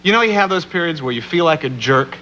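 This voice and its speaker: Male talk show guest, lively anecdotal delivery with voices, broadcast audio dull and noisy. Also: fairly high pitch, fast talker. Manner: animated storyteller, slips into character voices. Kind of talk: late-night talk show interview.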